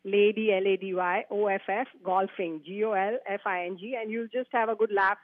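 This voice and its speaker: A woman's voice: medium pitch, fairly even intonation, brisk, dry recording. A chatty woman guest speaks over a thin, phone-like line with a dry, close sound. She laughs easily and often restarts her sentences as she explains. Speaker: golf instructor guest. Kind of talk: casual radio interview. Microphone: phone call.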